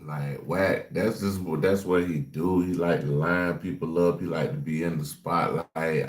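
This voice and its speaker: A man's voice: extremely low pitch, fairly even intonation, measured pace, few pauses. A man commenting casually on a live stream in a laid-back, dismissive way. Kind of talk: casual chat. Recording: echoey room.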